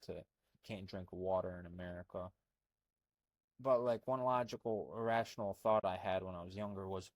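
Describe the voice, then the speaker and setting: A young man from Albania, a health coach, talks in a blunt, rambling monologue, circling back with fillers and restarts. His voice sits low. The recording is close and dry, with no room sound. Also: no echo. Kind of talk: casual monologue.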